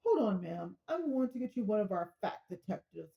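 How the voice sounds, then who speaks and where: A woman voicing a calm, firm emergency operator who speaks briskly and matter-of-factly. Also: medium pitch, gravelly, muffled recording.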